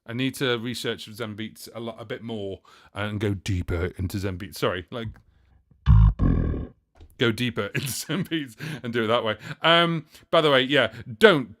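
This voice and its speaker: A man's voice: mid-range voice, a bit bright. A man hosting a casual music livestream, chatting to viewers and answering their questions in a rambling way, with many fillers and self-corrections. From United Kingdom. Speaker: livestream host and looping musician.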